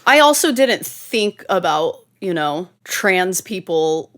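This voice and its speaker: A woman's voice: on the low side, very animated, slow pace, a bit bright. A woman co-hosting a podcast, telling her story in casual chat, laughing often and swearing. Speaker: podcast co-host.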